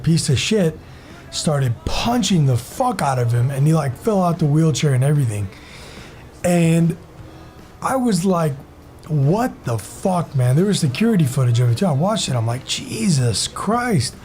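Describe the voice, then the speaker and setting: A man's voice: medium pitch, warm tone, a little hiss or hum. A young man hosting his own gaming channel, ranting in a heated, rambling way with lots of swearing, fillers and restarts. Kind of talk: casual vlog rant.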